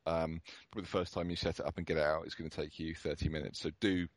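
A man's voice: extremely low pitch, little pitch movement, quick pace, dry recording. A man in casual podcast chat, explaining board game tips at length in a chatty way.

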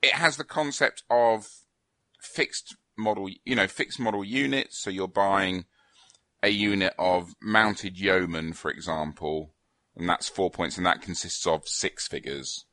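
A man's voice: deep voice, fairly even intonation, unhurried, sharp tone, no room sound. A man co-hosting a podcast in casual chat, explaining things in a rambling, hesitant way with fillers and restarts. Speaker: podcast co-host. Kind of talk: casual chat about tabletop wargames.

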